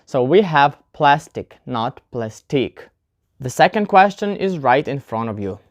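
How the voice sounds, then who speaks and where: A woman's voice: rumbling low, very animated, normal speed. A woman giving a casual online English pronunciation lesson, chatty and talking straight to viewers, demonstrating word stress aloud. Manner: chatty, often addresses viewers as "guys".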